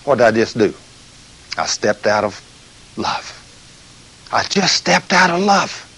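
A man preaching a sermon, reading scripture slowly and telling stories with emphasis. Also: mid-range voice, sing-song, vocal fry, fairly bright tone, breathy edge, low-quality recording.

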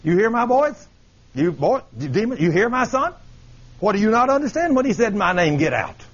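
A man voicing an exasperated Jesus scolding his disciples in a drawn-out way, on a dull lo-fi recording. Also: fairly high pitch, darkish tone, lightly acted. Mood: commanding.

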